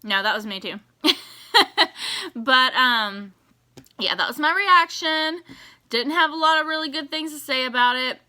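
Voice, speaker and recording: A woman giving casual, animated reaction commentary on a TV episode, exasperated and swearing as she rants. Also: high voice, measured pace, long pauses. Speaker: TV reaction vlogger.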